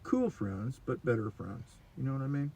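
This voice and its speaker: A man and guitar player giving advice in casual storytelling chat, rambling and animated, swinging between loud and soft. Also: mid-range voice, normal speed, creaky. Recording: very echoey room, distant mic, faint noise.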